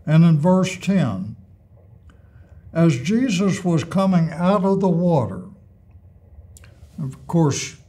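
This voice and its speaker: A man teaching an adult Bible class, reading scripture aloud and explaining it in a measured way with pauses and restarts. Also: on the high side, big pitch swings, dark tone, slightly rough.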